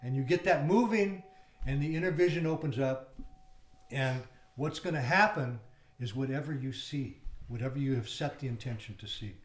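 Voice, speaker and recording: A man's voice: mid-range voice, moderate pace. Man teaching yoga in a roomy space. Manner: explaining loosely with fillers, chanting between remarks. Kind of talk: guided yoga class instruction. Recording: roomy with faint background noise.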